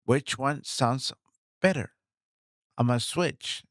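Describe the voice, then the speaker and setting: Slow-talking excited man in a dry room. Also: medium pitch, dry recording. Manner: excited, repetitive, talks straight to viewers. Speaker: streamer reviewing his gear. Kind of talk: casual vlog chat. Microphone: studio microphone, swapped between two.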